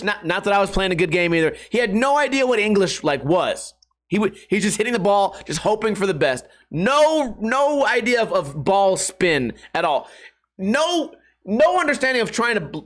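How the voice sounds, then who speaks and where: High-voiced profane man rambling. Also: a bit bright. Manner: profane, rambling, laughs at his own jokes, puts on voices for quotes. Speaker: podcast host. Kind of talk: casual solo podcast rant.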